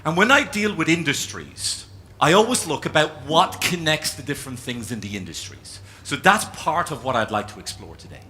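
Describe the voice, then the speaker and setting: A man's voice: fairly high pitch, normal speed, slight background noise. An Irish man giving a keynote talk to a live audience, telling stories as he draws. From Ireland. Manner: animated storyteller, drawing as he speaks. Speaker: keynote speaker. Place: conference room with an audience.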